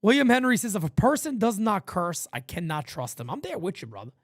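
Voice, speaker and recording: A man from New York hosting a live fan play-by-play stream, blunt and profane, swinging from loud calls to low asides. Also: sing-song, fairly quick, dry recording, clean studio sound. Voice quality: profane, blunt street talk.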